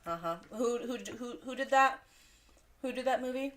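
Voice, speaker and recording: A woman's voice: a little high, moderate pace, fairly bright tone. A woman guesting on a casual podcast chat, a former stand-up comedian who rambles and restarts her sentences. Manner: rambling, self-interrupting, with repeated starts.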